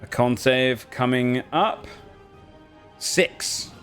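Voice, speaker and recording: A man runs a tabletop game as its game master, calling results briskly. His voice sits at a middle pitch, and soft music plays behind him. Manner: brisk, rules-focused calls.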